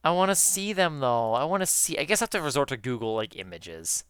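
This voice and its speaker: A man in casual chat with viewers while gaming, excitable, swearing often and calling his viewers guys. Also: mid-range voice, fairly quick, clear, resonant tone, dry recording, clean studio sound. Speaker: gaming YouTuber.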